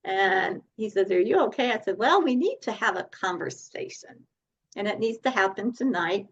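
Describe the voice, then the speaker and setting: Woman coach as podcast guest, animated storyteller; dull remote-call sound. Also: mid-range voice, moderate pace. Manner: animated, laughs often while telling stories.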